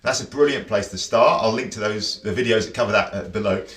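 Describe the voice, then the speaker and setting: A chatty man gives a drum lesson from a room that rings with a roomy echo. His voice sits low, and he counts beats and scats rhythms as he explains. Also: fast talker, fairly bright tone. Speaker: drum teacher. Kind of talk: casual instructional talk.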